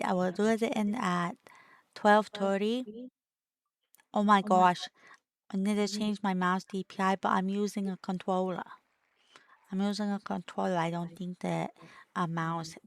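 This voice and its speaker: A woman's voice: on the low side, fairly even intonation, moderate pace, dry recording. A woman co-hosting a gaming stream in casual chat, playful and giggly, trying out a cutesy baby-talk voice and swearing now and then. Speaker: streamer co-host.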